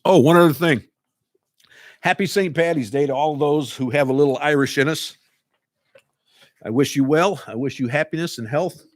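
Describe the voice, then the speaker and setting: A man's voice: fairly high pitch, normal speed, pauses often, no echo. A man who teaches a laughter club, talking earnestly and casually and repeating words as he goes. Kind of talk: casual talk to camera.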